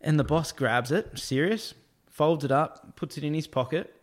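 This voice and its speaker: A man's voice: fairly high pitch, normal speed. Man telling a rowdy work story. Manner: lively, crude slang, acts out quotes, laughs often. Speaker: storyteller, construction worker. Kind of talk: casual anecdote.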